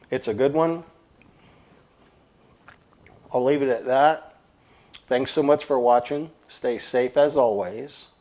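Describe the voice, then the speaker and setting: A man's voice: mid-range voice, dark tone. A man hosting a casual cooking vlog, talking plainly and thinking aloud as he goes. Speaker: cooking channel host.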